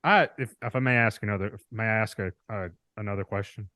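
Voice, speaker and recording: A man's voice: fairly low pitch, fast, sharp tone, dry recording, clean studio sound. A man co-hosting a podcast, chatting casually, rambling with lots of fillers and laughing often. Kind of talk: casual chat.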